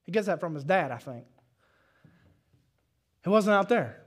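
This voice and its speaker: A Southern pastor with a notably high voice delivers a sermon, chatty and homespun as he tells his stories. He pushes his voice up into loud, fervent exhortation as he drives his points home. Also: expressive, unhurried, breathy edge. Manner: folksy storytelling that builds to shouted exhortation. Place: church service.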